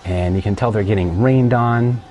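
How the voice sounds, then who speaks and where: Low-voiced man hosting a casual show. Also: moderate pace. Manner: rambling, animated retelling with restarts. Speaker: podcast host. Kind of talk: casual solo talk show.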